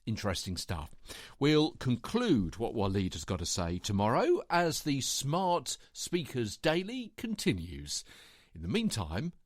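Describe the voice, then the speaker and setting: A man's voice: mid-range voice, unhurried, no room sound, studio quality. A man hosting a daily podcast, talking casually and reading out quotes, with plenty of fillers between them. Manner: reads out quotes with lively asides and fillers. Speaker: podcast host. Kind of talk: casual solo podcast commentary.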